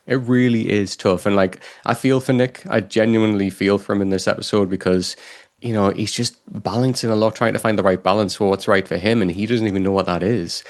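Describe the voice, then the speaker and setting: A man co-hosting a podcast, chatting casually about a TV show with lots of "you know" and "like" fillers. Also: on the low side. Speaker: podcast co-host.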